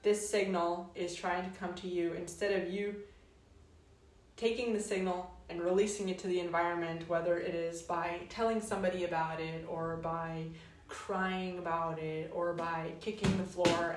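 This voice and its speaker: A woman with a lowish voice thinks aloud in an unhurried, searching way, stretching words and letting phrases trail off softly. She sits back from the mic, and the room rings around her. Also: level tone, distant mic, slight background noise. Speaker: wellness host. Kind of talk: reflective casual monologue. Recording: roomy, mic set back.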